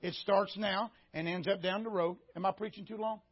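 A man preaching a sermon, storytelling and swinging into loud shouted peaks. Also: high voice, steady tone, normal speed, crowd noise. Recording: dull lo-fi sermon audio.

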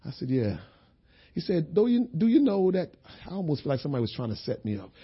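A man preaching a sermon who tells a story, going from quiet talk to shouting. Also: fairly high pitch, sing-song, fast, slightly rough, dull audio.

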